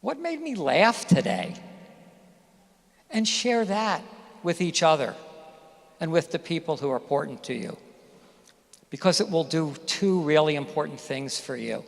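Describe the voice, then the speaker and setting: A man's voice: on the high side, sing-song, a little slow, creaky, pauses often. Man giving a graduation speech in a hall. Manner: storytelling, addresses audience directly with questions. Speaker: commencement speaker. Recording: reverberant hall.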